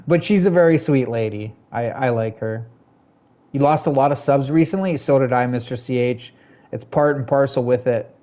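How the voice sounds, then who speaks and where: A man's voice: mid-range voice, a little slow, pauses often, warm tone. Laid-back, chatty male game streamer. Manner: chatty, laid-back, greets and answers chat, laughs often. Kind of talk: casual live-stream chat while gaming.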